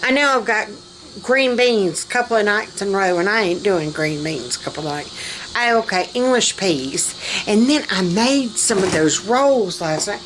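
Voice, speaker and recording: A woman's voice: medium pitch, lively intonation, moderate pace, background noise. Chatty Southern woman in her kitchen. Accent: Southern American. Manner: chatty, folksy, laughs often. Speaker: vlogger. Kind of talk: casual cooking vlog chat. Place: home kitchen.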